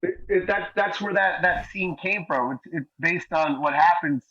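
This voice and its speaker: A man's voice: on the high side, normal speed, pushed and bright. Earnest middle-aged man, muffled audio. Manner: earnest, repeats "you know what I mean". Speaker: guest comedian and actor. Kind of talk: interview conversation.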